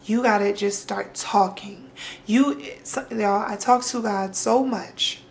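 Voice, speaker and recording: A young woman chats straight to her camera like she's talking to her girls, loose and slangy, with lots of asides and repeats. Her voice sits at a middling pitch for a woman and her delivery is relaxed and personal. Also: slow, gravelly. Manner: chatty, animated, heavy colloquial slang. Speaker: lifestyle vlogger. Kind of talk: casual chat to camera.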